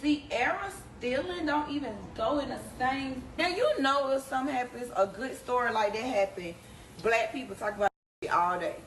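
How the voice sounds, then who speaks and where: A woman telling a personal story in a casual, animated, slangy way, addressing her listeners directly. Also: high-pitched, normal speed, rough recording. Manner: animated, slangy, talks straight to the audience. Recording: background noise under the voice.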